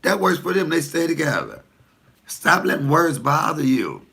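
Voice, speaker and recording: A man's voice: fairly high pitch, very animated, normal speed, vocal fry, sharp tone, husky. A comedian talking casually to the camera, blunt, profane and preachy as he tells stories and gives advice.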